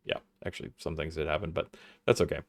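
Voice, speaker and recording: A man's voice: rumbling low, steady tone, fast, vocal fry. A man casually commentating his gameplay at home, rambling and joking at his own expense. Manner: rambling, self-joking and chatty. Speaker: game streamer.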